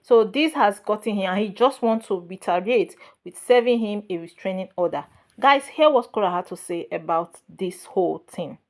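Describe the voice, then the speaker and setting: A woman's voice: mid-range voice, animated, moderate pace. A woman hosting a gossip channel, chatty and addressing viewers directly as guys. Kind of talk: gossip news narration.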